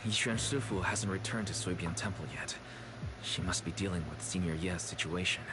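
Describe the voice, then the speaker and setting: An actor playing a calm, caring young companion who explains things patiently. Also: male voice, deep voice, moderate pace, noisy background, natural voice. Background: game music.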